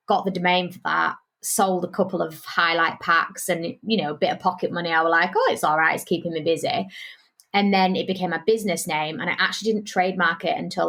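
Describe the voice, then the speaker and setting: A woman's voice: fairly low pitch, creaky, fairly bright tone. A British woman, a business owner, telling stories animatedly as a podcast guest. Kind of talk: casual interview chat.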